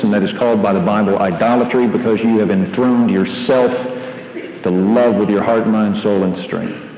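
Preacher in an echoey hall. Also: male voice, fairly low pitch. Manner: animated storytelling, rising to shouts in quoted lines. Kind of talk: sermon. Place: large hall before a live audience. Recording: echoey hall recording with faint hiss.

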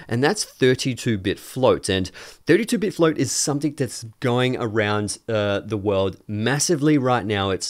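A man's voice: mid-range voice, a little mellow. Man explaining camera audio gear. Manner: explains step by step, leans on "literally" and "obviously". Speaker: gear reviewer. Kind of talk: tech review vlog.

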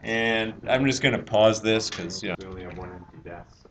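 A man's voice: on the low side, a little fast, a bit bright. A male math teacher lecturing a class, explaining step by step and questioning the students. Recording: roomy, distant classroom mic with hiss.

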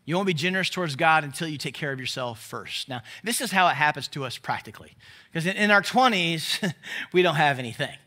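Male pastor, high bright voice, chatty sermon delivery, quizzes the congregation. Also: lively intonation, brisk. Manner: conversational, asks the crowd questions. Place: church service.

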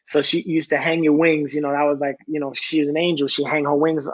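Through dull audio comes a man's fairly high, level voice at a quick pace. He's a singer-songwriter on a podcast, candidly recounting a personal story in an earnest, rambling manner and reciting his own lyrics.

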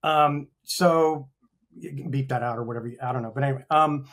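An American man in his fifties, an actor appearing as a guest, speaks in a medium-pitched, slightly bright voice at a somewhat quick pace. In this casual interview he talks frankly and rambles, filling gaps with lots of "ums" and swearing without restraint.

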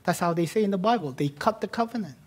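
A man, a pastor, preaching an expository sermon, moving between casual asides and emphatic declarations that fall to hushed tones. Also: sits high, expressive, quick pace, slightly rough. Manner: emphatic, swings from loud declarations to hushed near-whispers; conversational asides amid teaching.

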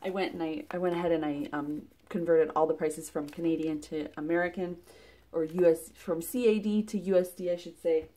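A woman with a fairly low pitch talks briskly through a casual unboxing vlog of a subscription box. As a product reviewer she rambles chattily with lots of fillers and restarts, growing excited as she pulls out each item.

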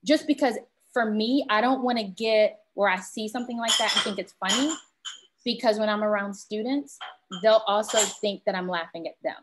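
A woman's voice: mid-range voice, normal speed, heavy background noise. Woman panelist, candid storyteller, quotes people as she goes; round table discussion.

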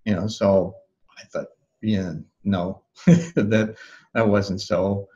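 A man being interviewed as a life coach, recounting a memory in a calm, thoughtful way with soft laughs and restarts. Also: on the low side, slow pace, highs cut off. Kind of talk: reflective interview storytelling.

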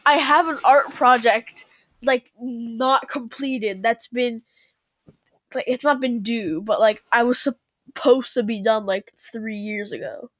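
A woman's voice: fairly high pitch, slow, no echo. A young woman co-hosting a podcast, chatting casually, full of fillers and laughs. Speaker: podcast co-host. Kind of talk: casual chat.

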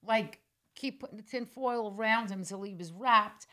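A woman's voice: medium pitch, normal speed, sharp tone. A woman guest in a casual chat, chatty and asking questions.

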